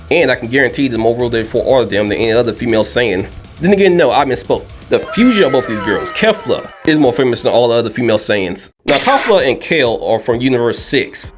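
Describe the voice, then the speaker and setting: A man giving casual comedic commentary, animated and joking, jumping up in pitch for emphasis. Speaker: video commentator.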